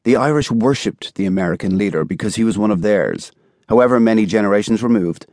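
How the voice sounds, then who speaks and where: A man reading a thriller audiobook in a measured, even storytelling style, recorded on a studio microphone. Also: on the low side, dry recording. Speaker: audiobook narrator. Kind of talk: scripted narration.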